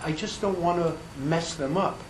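An older man, a film director answering questions at a press conference, speaking haltingly with restarts and self-deprecation. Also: fairly high pitch. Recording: echoey room with background noise.

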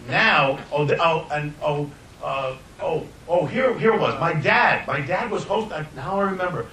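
An older man, a filmmaker, telling anecdotes in an animated way, often laughing and restarting his sentences. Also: normal speed. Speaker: filmmaker guest. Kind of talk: anecdotal storytelling. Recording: roomy distant mic, faint rumble.

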